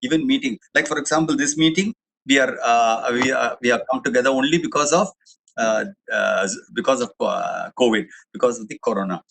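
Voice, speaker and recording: A man's voice: mid-range voice, brisk, gravelly, fairly bright tone, a little hiss or hum, poor audio. A middle-aged man with an Indian English accent giving a chatty, digressive webinar talk, full of restarts and fillers. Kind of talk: anecdotal public talk.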